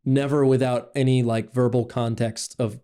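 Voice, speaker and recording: A young podcast co-host rambles through stories in casual chat, swearing freely and imitating people in a higher voice. His delivery is flat at normal speed, with a warm, clear, resonant tone.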